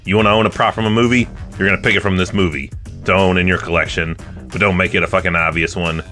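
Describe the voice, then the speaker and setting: Low, bright-voiced man ranting casually. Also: steady tone, quick pace, soft background music. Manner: blunt, swears often, jokey rants. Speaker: podcast co-host. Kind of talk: casual chat.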